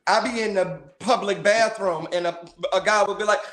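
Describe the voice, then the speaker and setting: Male comic guest, animated and slangy, a bit high-pitched, echoey room sound. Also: moderate pace. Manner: animated storyteller, slangy, laughs often. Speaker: touring comedian, guest. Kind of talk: casual livestream chat.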